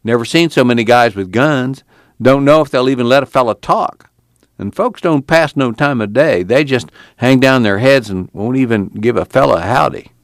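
A man's voice: mid-range voice, normal speed, no room sound, studio quality, voice pushed up, lightly acted. A man voicing a weary, plainspoken young farmhand with a rural drawl. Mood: doubtful.

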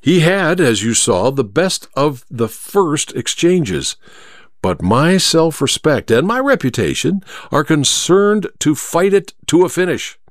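A man reading an audiobook, voicing a cool, confident male detective who speaks in a crisp, amused, measured way. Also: on the high side, big pitch swings, no room sound, clean studio sound. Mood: resolute.

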